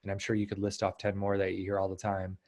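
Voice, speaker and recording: A man in his thirties, a guest coach in a casual interview, explaining ideas and acting out inner thoughts in lively asides. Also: sits low, fast. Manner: animated, acts out inner voices.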